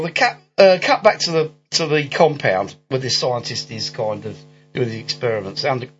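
A man, hosting a podcast, who recaps a movie plot in a rambling, laughing way full of ums and restarts. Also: medium pitch. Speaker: podcast host. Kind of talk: casual movie-recap chat. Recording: dull lo-fi audio with faint music.

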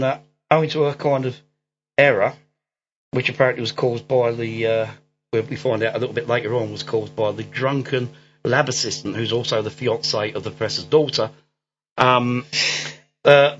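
In dull lo-fi audio with faint music and slight background noise, a mid-range male voice hosts a podcast, casually recapping a movie plot in a rambling, laughing way packed with ums and restarts.

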